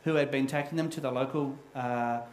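Storytelling pastor in an echoey hall. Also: male voice, mid-range voice, fairly even intonation, fairly quick. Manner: storytelling, candid and self-deprecating. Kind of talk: sermon.

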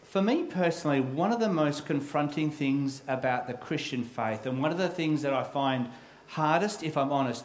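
Man, pastor, sermon, slightly high voice, echoey church, candid storytelling. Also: slight background noise. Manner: storytelling, candid and self-deprecating.

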